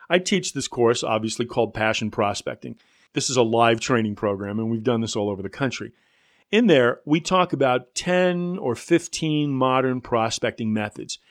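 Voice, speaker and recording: A man in the middle pitch range lays out a marketing method like a sales trainer talking to a room. He keeps it conversational, throwing in blunt asides and quick stories as he goes. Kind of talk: instructional talk to an audience.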